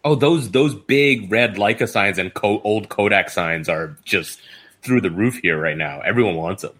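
A man's voice: on the low side, normal speed, a bit bright, husky. A man chatting casually, telling a short anecdote and laughing along. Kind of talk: casual chat.

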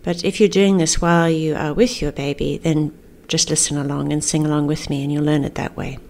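A woman teaching parents a lullaby, explaining calmly and singing the lines for them to repeat. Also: low-pitched, vocal fry. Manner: gentle, unhurried, sings lines then invites singing along.

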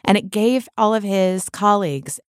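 Speaking at a normal pace in a smooth, medium-pitched voice, a middle-aged guest tells frank personal anecdotes. She chats freely, laughs a lot and frequently starts her sentences over, and the recording is dry with clean studio sound.

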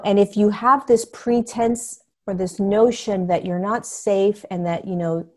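An earnest woman speaking as a podcast guest, with a voice of middling pitch for a woman. She talks with emphasis and keeps acting out quotes in a loose, conversational flow. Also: darkish tone. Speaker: podcast guest, spiritual teacher. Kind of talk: casual conversation.

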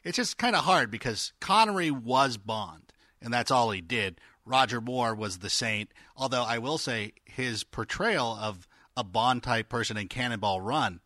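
Chatty bright-voiced male co-host. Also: mid-range voice, expressive, unhurried, no echo, clean studio sound. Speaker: podcast co-host. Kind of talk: casual sports podcast banter.

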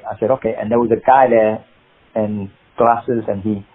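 An older man from the UK, a martial artist and actor, telling animated anecdotes in an interview, acting out the people he quotes and laughing at his own stories. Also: fairly low pitch, normal speed. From United Kingdom. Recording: husky voice over a tinny phone-like line.

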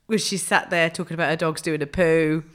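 A woman co-hosting a podcast, chatting casually, swearing freely and laughing easily. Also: sits low. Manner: lively, swearing, quick to laugh. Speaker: podcast co-host. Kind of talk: casual chat.

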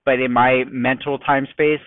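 A young man from the United States hosting a casual solo podcast from his car, talking in an animated, ranting, self-mocking way. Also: mid-range voice, measured pace, no room sound, phone-quality sound. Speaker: podcast host.

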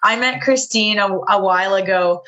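A woman's voice: medium pitch, moderate pace, sharp tone, muffled recording. A young woman from Canada with a Canadian accent, chatting as a podcast guest, laughing often and rambling with restarts. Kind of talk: casual podcast chat.

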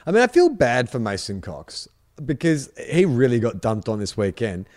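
A man co-hosting a sports podcast talks in a chatty, animated way. His pitch leaps around with a lot of expression. He is easy to amuse and laughs often. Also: normal speed. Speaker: podcast co-host. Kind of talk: casual sports chat.

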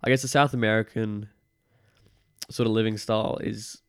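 A young man chats in a loose, rambling way, his accent caught between British and Australian. His voice sits a little low with a gravelly edge. The recording is dry and close. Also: moderate pace, no echo. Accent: mix of British and Australian. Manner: relaxed, rambling, many fillers. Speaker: podcast guest. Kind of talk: casual chat.

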